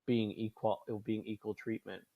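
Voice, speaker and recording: A man's voice: fairly low pitch, flat delivery, moderate pace, warm tone, no room sound. A man in his twenties hosting a casual podcast chat, rambling, swearing often and laughing a lot. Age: 20s. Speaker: podcast host.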